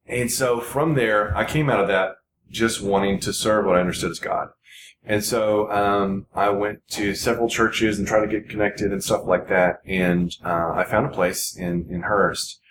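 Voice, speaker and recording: A man in his forties with a somewhat low voice speaks as a podcast guest. His talk is earnest and rambling, with many restarts. The sound is roomy and echoey, and clear background noise runs underneath. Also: fairly even intonation, moderate pace. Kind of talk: casual podcast conversation.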